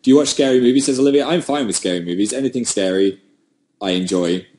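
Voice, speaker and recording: In a mid-range voice with a dark tone, a man talks fast on a casual home livestream. Using a webcam mic, he rambles through viewer comments with plenty of self-deprecation.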